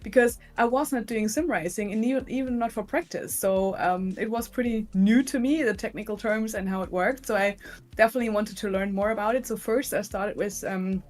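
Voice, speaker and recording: A woman's voice: mid-range voice, brisk, darkish tone. A woman from Germany with a German accent, a podcast guest who is also a racing driver and commentator, chatting in an upbeat way. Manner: upbeat and chatty, laughs often. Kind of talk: casual podcast interview.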